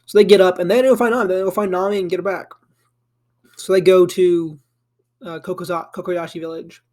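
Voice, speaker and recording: A man's voice: high-pitched, fairly even intonation, a little fast, a little mellow. A man casually retelling an anime fan story at home, rambling with lots of fillers and casual swearing, sounding a little tired and yawning. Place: home room.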